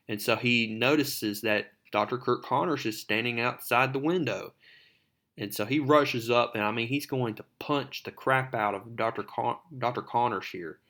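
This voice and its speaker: A man's voice: medium pitch, steady tone, moderate pace, a bit bright. A man narrating a comic book recap in a conversational way with asides.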